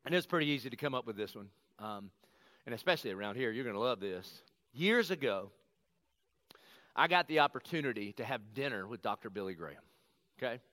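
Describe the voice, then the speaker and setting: A middle-aged man, a pastor, telling a personal story in a lively conversational sermon and acting out the quotes. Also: medium pitch, a little fast, dry recording. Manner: animated, conversational, acts out quotes.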